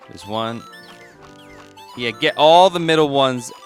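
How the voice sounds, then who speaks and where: A man's voice: medium pitch, slow pace, soft background music. A man giving casual, jokey gameplay commentary as a let's play host, chatting to the game as he plays.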